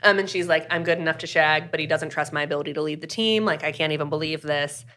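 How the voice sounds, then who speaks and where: A woman's voice: low voice, fast talker, a bit bright. Chatty woman retelling a story. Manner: chatty, acts out characters' lines with lots of "like". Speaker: podcast co-host recapping a book. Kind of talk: casual chat.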